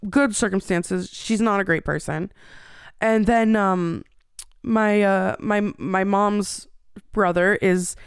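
Candid woman with a gravelly, smooth voice. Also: mid-range voice, dry recording, clean studio sound. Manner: candid, rambling, frequent fillers and restarts. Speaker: podcast host. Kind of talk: personal storytelling monologue.

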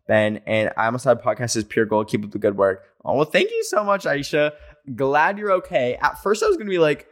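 A young man hosting a podcast from home, reading listener stories in a rambling, joking chat full of "like" fillers. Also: mid-range voice. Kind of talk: casual chat. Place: home, near a garage.

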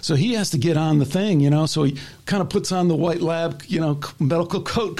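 A man's voice: fairly high pitch, a little fast, few pauses, darkish tone. A man hosting a casual talk show, animatedly retelling a story and acting out the voices in it. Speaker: podcast host.

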